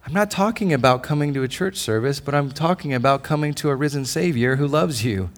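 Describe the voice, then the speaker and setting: A man's voice: fairly high pitch, fast, few pauses. A man preaching a sermon in a church service, passionate, asking the congregation repeated questions and often restarting his phrases. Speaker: pastor.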